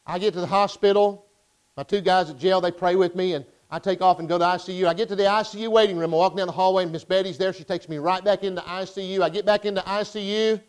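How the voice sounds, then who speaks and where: A pastor from Arkansas, preaching a sermon and telling a story with impassioned, emphatic bursts. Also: male voice, high-pitched, steady tone, fast, smooth, poor audio.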